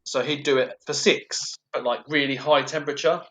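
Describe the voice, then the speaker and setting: A man's voice: mid-range voice, steady tone, moderate pace, fairly bright tone. A young man, a podcast co-host, telling work stories in casual, sweary banter. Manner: swearing, storytelling with put-on quoted voices.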